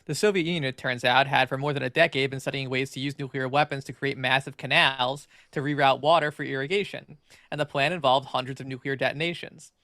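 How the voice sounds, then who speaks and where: Male podcast co-host reads an article aloud, brisk and gravelly, prone to restarts. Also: mid-range voice, steady tone, bright, forceful tone, no echo, studio quality. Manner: fast, filler-heavy reading with frequent stumbles and restarts.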